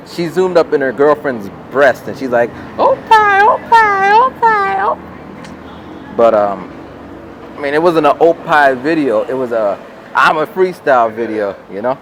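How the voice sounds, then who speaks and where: Guy in his 40s rambling thru a story, voice jumps all over, bit of street noise behind. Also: mid-range voice. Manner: rambling, animated impressions of people in stories. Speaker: vlogger and rapper. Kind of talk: casual storytelling vlog.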